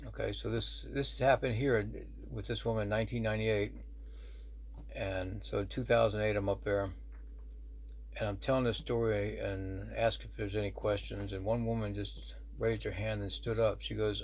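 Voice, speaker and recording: Brief: male shaman storyteller, low voice, gravelly, loose chatty delivery. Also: fairly even intonation, normal speed, slight background noise. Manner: rambling, conversational, many "you know" asides. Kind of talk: casual spoken storytelling.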